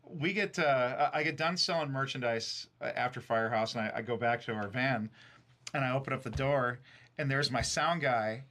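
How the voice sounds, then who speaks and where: A man casually telling road stories from his band days, profane and animated, full of fillers. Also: mid-range voice, normal speed. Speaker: streamer and band frontman. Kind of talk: casual storytelling chat. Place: recording studio.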